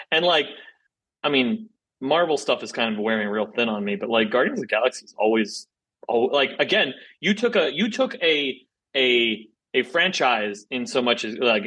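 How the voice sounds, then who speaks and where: A man's voice: medium pitch, fairly bright tone, slightly rough, rough recording. A man co-hosting a podcast in casual chat, rambling and opinionated with many restarts. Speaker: podcast co-host.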